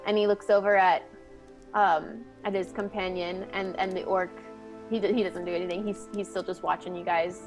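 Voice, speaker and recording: A woman narrating a tabletop game as game master, with frequent pauses and restarts. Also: mid-range voice, little pitch movement, darkish tone, faint music behind. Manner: halting, with many restarts and fillers.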